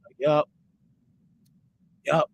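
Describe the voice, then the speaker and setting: A man hosting a heated, profane commentary rant who repeats himself for emphasis and breaks into shouts when worked up. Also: extremely slow, a little hiss or hum, low-quality recording. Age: adult parent. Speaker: host.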